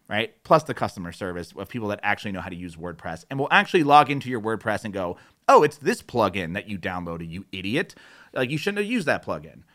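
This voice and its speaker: A man talks through a website tutorial in a loose, unscripted way. He gets openly exasperated and slips into quick voices for the people he quotes. His voice comes through a close, isolated microphone. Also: mid-range voice, pushed and bright. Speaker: web tutorial presenter. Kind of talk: casual explainer with rants. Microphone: isolated studio microphone.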